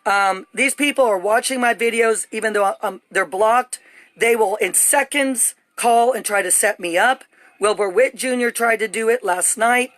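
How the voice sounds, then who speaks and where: Upset woman on a phone livestream at home, rambling fast and urgent, dry close sound. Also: a little high, dry recording. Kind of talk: live phone stream. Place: home, indoors.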